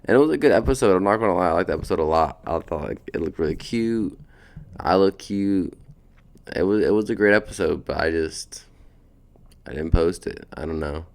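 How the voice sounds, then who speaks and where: Just woken up and sleepy, a young man hosts a podcast from a beanbag at home, chatting in a relaxed, rambling, slang-filled way. His voice is deep, gravelly, and darkish in tone, and he talks a little fast.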